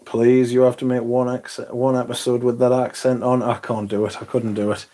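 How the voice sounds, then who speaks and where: A man's voice: mid-range voice, level tone, moderate pace, warm tone. A man hosting a livestream, chatting casually, swearing now and then, and reading out viewer comments. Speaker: livestream host.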